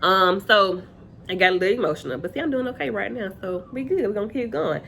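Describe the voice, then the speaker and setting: A woman's voice: mid-range voice, expressive, fast talker, vocal fry, fairly bright tone, slight background noise. A young woman casually recapping a reality dating show episode, chatty and full of fillers, often quoting cast members. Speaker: reality TV reviewer.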